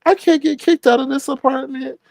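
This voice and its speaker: A man putting on the voice of a flustered woman who promises to keep quiet, high and placating. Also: fairly even intonation, brisk, vocal fry, dry recording.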